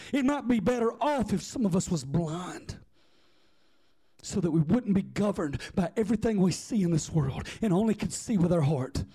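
Impassioned preacher, high mellow voice. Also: male voice, slightly rough. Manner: impassioned, rhythmic repetition, Southern US dialect. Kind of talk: sermon.

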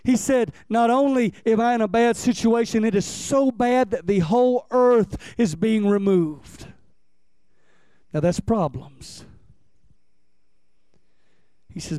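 A man's voice: extremely high pitch, expressive, a little slow, darkish tone, clean tone. A man preaches with fervor, stacking repeated phrases and leading the congregation in call-and-response. The sound is dry and close, with no room echo. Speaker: pastor. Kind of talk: sermon.

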